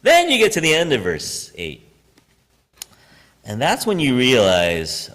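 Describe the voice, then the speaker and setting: Pastor giving a relaxed sermon, lively swooping pitch, chatty, laughs a lot, long church reverb. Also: male voice, measured pace, pauses often. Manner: chatty, self-deprecating, laughs often, animated storytelling. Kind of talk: casual conversational sermon. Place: church sanctuary.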